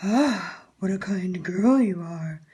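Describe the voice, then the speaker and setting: A woman's voice: fairly low pitch, lively intonation, slow pace, dark tone, breathy edge, full character voice. A woman doing a sly hungry big bad wolf.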